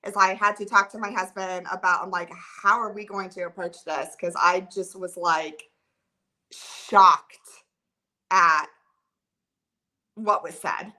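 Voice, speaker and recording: A woman in her thirties hosts a casual livestream, answering viewer comments in a rambling, flustered, emotional way packed with filler words. Her voice is lowish and sharp in tone, with fairly even intonation, a slow pace, and long pauses.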